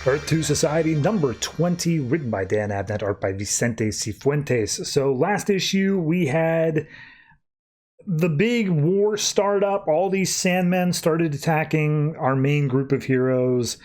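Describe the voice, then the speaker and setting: Chatty man with a slightly high voice. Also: a little mellow, soft background music. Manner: recaps scenes loosely, tossing in quick offhand voices for characters. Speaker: podcast host. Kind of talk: casual comic book recap.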